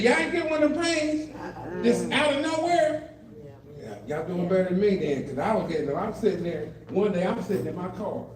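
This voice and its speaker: A man's voice: high-pitched, big pitch swings, brisk, darkish tone. An older man doing a stand-up comedy set, telling family stories and acting out the voices of kids and of himself, with a live audience in the room. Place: adult day center, indoors, live audience. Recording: roomy live room, mic at a distance, crowd laughter.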